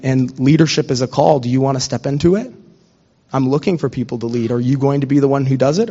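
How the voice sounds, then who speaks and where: A man preaching a sermon, telling funny family stories and acting out quick quoted exchanges before moving into scripture. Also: mid-range voice, mellow, dull audio. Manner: storytelling with quick quoted asides, conversational. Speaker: pastor.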